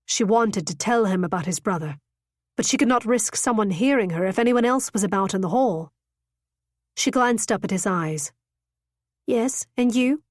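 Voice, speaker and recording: A woman narrating a romance audiobook in an expressive, dramatic reading style. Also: medium pitch, moderate pace, no room sound, clean studio sound. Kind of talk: scripted narration.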